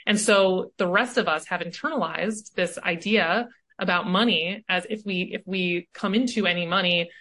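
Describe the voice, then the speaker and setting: A woman speaking as a coach and podcast guest in casual conversation. She is animated and keeps tagging her points with "right?". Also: lowish voice, normal speed. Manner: animated, often tags "right?".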